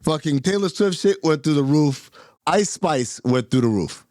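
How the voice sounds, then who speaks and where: A man's voice: fairly high pitch, expressive, normal speed, darkish tone, no room sound, clean studio sound. A man co-hosting a podcast, chatting casually with crude, teasing jokes. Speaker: podcast co-host. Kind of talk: casual chat.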